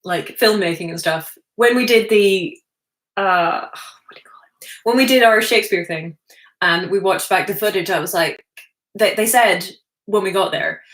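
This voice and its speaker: Here the same kind of casual livestream chat comes in a medium-pitched, slightly bright female voice at normal speed. She reads messages from chat aloud, laughs frequently and jokes at her own expense while seated on a floor indoors, and the room echoes noticeably.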